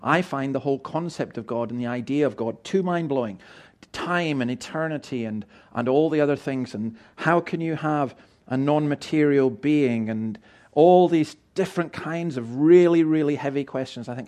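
A man's voice: on the high side, expressive, brisk, a little mellow. A middle-aged man preaching a sermon in an earnest, emphatic way, often restarting and repeating words. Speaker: pastor.

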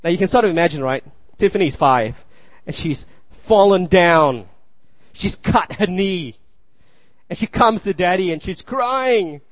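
Male pastor preaching, earnest, repeats himself, fairly high voice, dry sound. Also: expressive, a little slow, no room sound. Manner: earnest, repeats phrases, asks the room "you see?". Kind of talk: sermon.

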